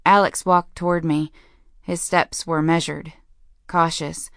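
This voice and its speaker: A woman reads a first-person romance audiobook with a wry, playful touch. Her voice sits low and unhurried, smooth and clear. The recording is dry and close to the mic. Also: little pitch movement, no echo. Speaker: audiobook narrator.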